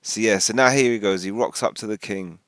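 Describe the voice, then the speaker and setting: A man rambling casually through a commentary video, animated and full of restarts. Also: lowish voice, brisk, no echo, studio quality.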